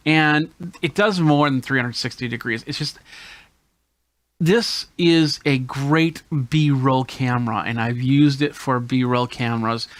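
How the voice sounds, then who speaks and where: Tech host demoing gear, dry sound. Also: male voice, mid-range voice, slow, dry recording. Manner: explains hands-on while demonstrating gadgets. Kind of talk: casual gear demo.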